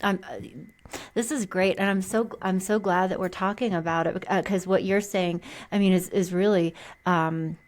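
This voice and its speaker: A woman's voice: mid-range voice, steady tone, moderate pace. A woman hosting a podcast, affirming her guest in a casual conversation. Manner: affirming listener. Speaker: podcast host.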